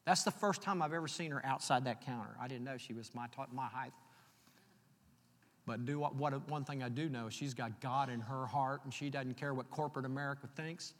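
A man preaching a sermon, reading scripture slowly and telling personal stories in a conversational way. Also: mid-range voice. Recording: long hall reverb.

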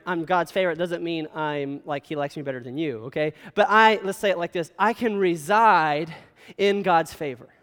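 High-voiced pastor in a reverberant hall. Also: male voice, clear, resonant tone. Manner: storytelling, conversational, frequent "okay?" checks. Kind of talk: sermon.

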